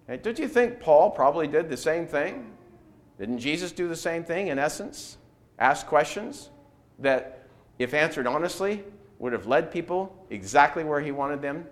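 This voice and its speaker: A man leads a Bible class with a lively, swinging voice pitched a little high. He teaches through strings of rhetorical questions. He acts out the replies he quotes.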